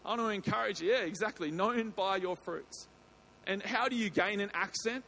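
High-voiced pastor, chatty and jokey. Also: male voice, moderate pace, pushed and bright, slight background noise. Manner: chatty, jokey, self-interrupting, bursts of emphasis. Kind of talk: evening sermon. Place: church hall.

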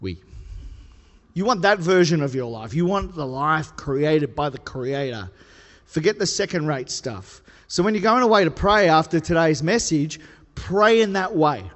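A man delivering a sermon with a fairly high voice that carries a long reverb tail through the hall. He keeps it conversational and playful, then pushes up into emphatic peaks. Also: animated, normal speed, a bit bright. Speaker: preacher.

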